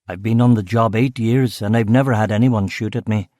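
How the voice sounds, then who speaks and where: A man's voice: on the low side, fairly even intonation, brisk, mellow, no room sound, clean studio sound, lightly acted. A man voicing a blunt, wry police officer who talks plainly and teases his partner. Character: gruff male police constable, blunt, teasing.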